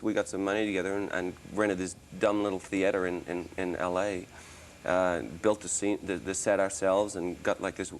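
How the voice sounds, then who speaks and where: Low-voiced man with faint Australian traces. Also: slight background noise. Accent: mostly American, traces of Australian. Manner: rambling, many restarts and fillers. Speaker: interview guest, musician and actor. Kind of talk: casual interview talk.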